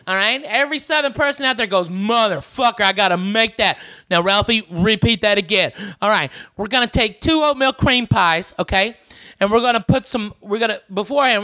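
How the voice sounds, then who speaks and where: A man's voice: high-pitched, bright, forceful tone. A man hosting a podcast, talking in a boisterous, profane, rowdy way. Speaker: podcast host. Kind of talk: crude comedic banter.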